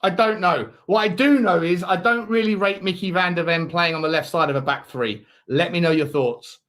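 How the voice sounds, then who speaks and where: A man's voice: high-pitched, moderate pace, fairly bright tone. A man hosting a live football watch-along, chatting in a rambling way and reading out viewer messages. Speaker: host.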